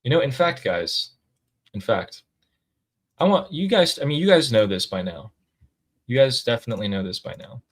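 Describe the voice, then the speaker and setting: A man's voice: medium pitch, animated, moderate pace, pauses often. A man hosting a casual news commentary, explaining events matter-of-factly. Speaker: host.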